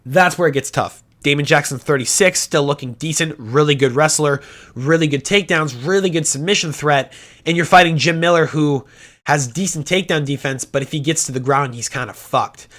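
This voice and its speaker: A man rattles off his fight picks at a rapid clip, his voice sitting a little high. He is blunt and opinionated, swears freely and trips over his own restarts. It is casual, unscripted breakdown talk. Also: fairly bright tone. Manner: fast talking with restarts. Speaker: fight predictions host.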